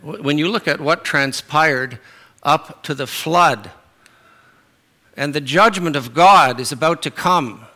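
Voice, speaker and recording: Middle-aged guy preaching, bright clear voice, chatty with lots of ums and restarts. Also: on the high side, slow pace. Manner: conversational with fillers and restarts. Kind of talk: sermon.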